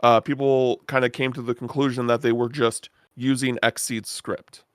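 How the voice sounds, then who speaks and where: A man co-hosting a video game podcast, talking in a relaxed, hesitant way with many "uh"s and "um"s. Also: medium pitch, moderate pace, clear, resonant tone, no room sound, studio quality. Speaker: podcast co-host. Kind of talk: casual chat.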